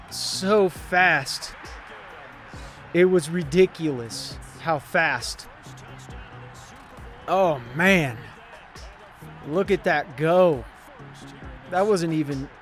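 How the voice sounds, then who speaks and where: A young man with a lilt and a slightly high voice narrates a football video game, rambling between plays and yelling when something big happens. Faint music plays under him. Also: very slow, long pauses. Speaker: gaming channel host. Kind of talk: excited video game commentary.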